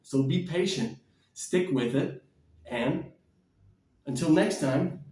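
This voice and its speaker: Energetic, preachy male diet vlogger. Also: on the high side, slow, echoey room, distant mic. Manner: energetic, bouncing and shadow boxing while talking; blunt, preachy. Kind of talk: casual motivational vlog.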